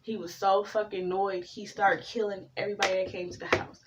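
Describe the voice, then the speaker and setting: A woman giving a casual tarot reading, talking, swearing freely and drifting into animated stories. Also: mid-range voice, brisk, far from the mic, dull audio, very noisy. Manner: profane, rambling, animated storytelling. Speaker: tarot reader.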